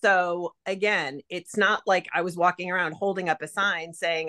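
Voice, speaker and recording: Chatty woman with a lowish voice. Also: steady tone, normal speed, pushed and bright. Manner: chatty, heavy use of "like" and "um". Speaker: direct sales consultant. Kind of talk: casual sales advice talk.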